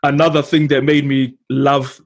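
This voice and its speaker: A young man hosting a casual chat with friends, animated and laughing a lot as he acts out film lines in voices. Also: medium pitch, normal speed. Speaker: podcast host.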